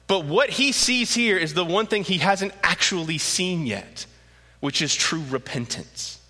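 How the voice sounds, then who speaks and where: Animated, bright-voiced male preacher. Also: high-pitched, a little slow. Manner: animated storytelling, acts out quotes. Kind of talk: sermon. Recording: echoey hall.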